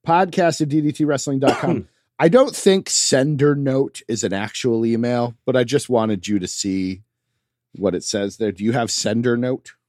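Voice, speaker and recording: A man co-hosting a casual podcast chat, animated and quick to laugh. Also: mid-range voice, no room sound, studio quality. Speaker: podcast co-host.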